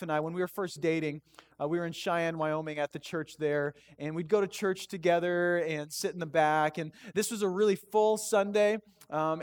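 A man preaching a sermon as pastor in a church, telling stories in an animated, self-deprecating way. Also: high voice. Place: church sanctuary.

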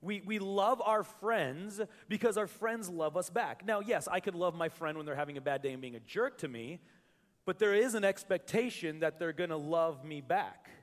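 A man's voice: sits high, moderate pace. A male pastor preaching a sermon to his congregation in a conversational, joking way, often restarting his words. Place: church hall with a live congregation. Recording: reverberant church hall.

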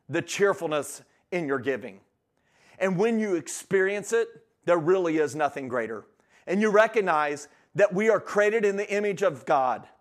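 A man delivers a church sermon with a notably high-pitched voice. His preaching is energetic and emphatic, pressing each point hard and building excitement as he goes. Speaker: guest preacher.

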